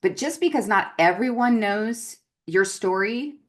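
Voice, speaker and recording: A woman's voice: mid-range voice, expressive, a little slow. A woman hosting an online gratitude series, introducing her guest in an effusive, gushing way. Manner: effusive and gushing, calls listeners "y'all". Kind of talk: enthusiastic livestream interview.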